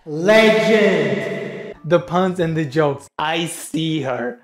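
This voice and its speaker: A man's voice: on the high side, extremely slow. A young man reacting to a TV clip in casual, sarcastic commentary, talking straight to his viewers.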